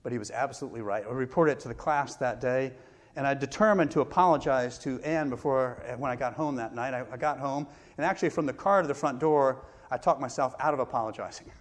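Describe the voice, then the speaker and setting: A middle-aged male pastor preaching a sermon, telling a personal story with pauses and self-deprecating laughs. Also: mid-range voice.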